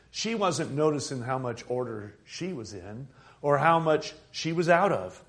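A man preaching a fervent sermon at a church service, building from quiet stretches up to near-shouting passion. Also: medium pitch, expressive, unhurried.

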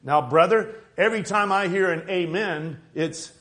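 A man with a high-pitched voice delivers a fervent sermon. He leans on key words and draws them out slowly for emphasis. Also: fairly bright tone. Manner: fervent, emphatic, drawn-out stresses. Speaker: preacher.

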